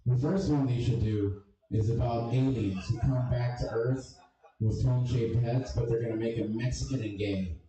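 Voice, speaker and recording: A man's voice: medium pitch, normal speed, mellow, muffled recording, soft background music. A man doing a stand-up comedy set with crude, abrasive and self-deprecating jokes. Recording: echoey room, distant mic, crowd audible.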